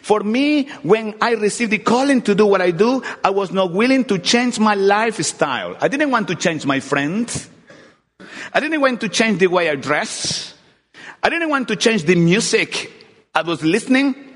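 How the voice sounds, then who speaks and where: A middle-aged man preaches a sermon, his voice pitched a little high. He talks earnestly, repeats words, and drops to a hush before rising loud again. His voice carries a long reverb, as if in a large hall. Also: animated, normal speed. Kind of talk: sermon with personal testimony.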